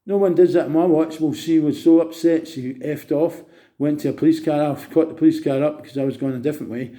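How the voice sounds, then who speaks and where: A man talking in a rambling monologue to camera, agitated and breaking into sudden loud outbursts. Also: on the high side, fairly even intonation, brisk.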